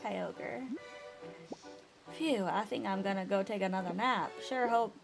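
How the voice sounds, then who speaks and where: A woman voicing a huge, laid-back male sea Pokémon in a put-on Southern drawl, slow and folksy, with booming laughs. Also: gravelly, over music. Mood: drowsy.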